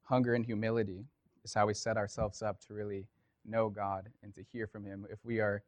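A man's voice: lowish voice, flat delivery, brisk, dry recording, lo-fi sound. A man preaching a casual sermon, talking conversationally with lots of fillers and telling a story.

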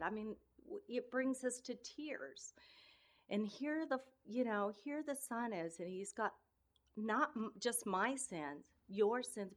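A woman giving an informal sermon, earnest and emotional, speaking in halting phrases with many restarts between scripture readings. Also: mid-range voice. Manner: earnest and emotional, often tearful in tone. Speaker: speaker sharing a devotional message.

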